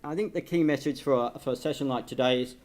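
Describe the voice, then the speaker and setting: A man presents to an industry breakfast seminar at a middling pitch. He speaks steadily, pausing on fillers and restarting phrases as he goes. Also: a little mellow. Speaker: government department manager presenting. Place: conference venue.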